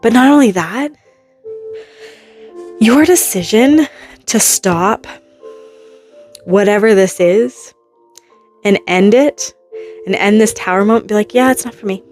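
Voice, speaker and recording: A woman's voice: mid-range voice, slow pace, long pauses, soft background music. Rambling woman giving a casual tarot reading. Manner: rambling, animated, full of hypothetical quotes. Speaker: tarot reader.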